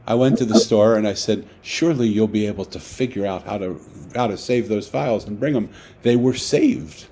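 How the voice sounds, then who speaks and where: Animated male author telling a story. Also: lowish voice, moderate pace, a little hiss or hum. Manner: animated storyteller, acting out dialogue. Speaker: author guest. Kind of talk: storytelling talk.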